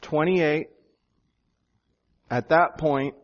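Animated preaching man, slightly dull recording. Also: a little slow. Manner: animated preaching, rising pitch for emphasis. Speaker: pastor. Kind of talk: sermon.

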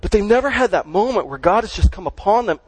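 A man's voice: high voice, expressive, fast, breathy edge, no echo, poor audio. A man preaching a sermon as pastor, stressing and repeating key words as he teaches.

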